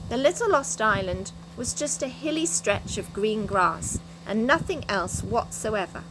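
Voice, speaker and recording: A woman reading a children's storybook aloud with an expressive delivery. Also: fairly high pitch, unhurried, noisy background. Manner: expressive, animated. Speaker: reader.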